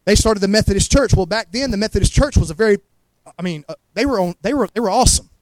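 A Southern man preaches a fervent sermon in a high voice. He stumbles over repeated words as he goes and keeps asking the congregation whether they follow him. The sound is close and dry. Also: fast talker, dry recording, low-quality recording. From Montgomery, Alabama. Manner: fervent, repeats words, asks the crowd to agree. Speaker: guest preacher.

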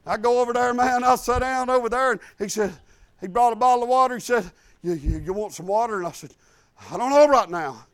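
An older man preaching a sermon, telling a funny personal story in a folksy, humorous way with low asides. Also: quick pace, dry recording.

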